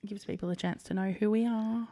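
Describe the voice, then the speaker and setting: An Australian woman co-hosting a casual podcast, chatty, laughing and quick with reactions. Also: mid-range voice, steady tone, mellow. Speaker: podcast co-host. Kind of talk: casual chat.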